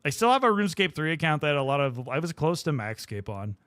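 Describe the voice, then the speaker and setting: A young man on a livestream, chatting with his viewers as he paints. His voice sits a little high and sounds bright and forward, and it swings widely in pitch. He rambles, swears freely and talks straight to the chat. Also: sing-song, quick pace, no echo, studio quality. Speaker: streamer. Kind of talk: casual livestream chat while painting miniatures.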